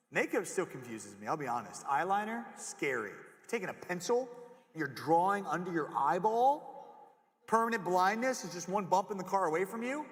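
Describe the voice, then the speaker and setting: Young male youth preacher, animated and jokey, sharp bright tone, fairly high voice. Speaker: youth pastor. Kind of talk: middle school chapel sermon. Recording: echoey hall with long reverb.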